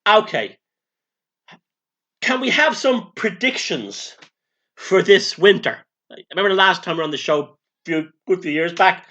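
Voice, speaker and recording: A man hosting a comic channeling sketch, with dry, deadpan remarks. His voice is bright and lively, moving freely up and down in pitch. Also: measured pace, pauses often. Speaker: host.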